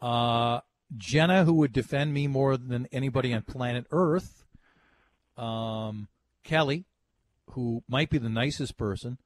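A man's voice: medium pitch, measured pace, dry recording. A man hosts a radio talk show with a mid-range voice. He banters and jokes with his co-hosts. He brings callers on the air. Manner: joking, takes callers.

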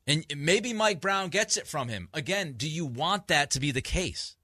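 Emphatic, bright-voiced sports radio man. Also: a little high, lively intonation, moderate pace, husky, no room sound, clean studio sound. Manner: emphatic, repeats himself in restarts. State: grumpy and short on sleep. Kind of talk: sports talk radio banter.

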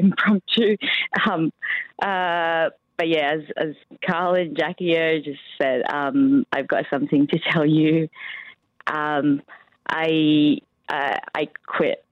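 A woman's voice: low voice, fairly even intonation, slow pace, dry recording. A woman calling in to a radio show, nervous and apologetic, often stammering. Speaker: caller. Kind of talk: phone call to radio show. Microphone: phone. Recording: dull, dry phone line.

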